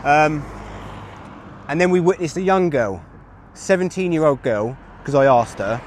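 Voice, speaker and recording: Guy rambling on his phone livestream outside, bit higher voice, light traffic noise. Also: lively intonation, unhurried. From England. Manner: rambling, chatty, talks to his chat. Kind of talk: live street streaming to chat. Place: outdoors on a street with traffic. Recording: street traffic noise behind.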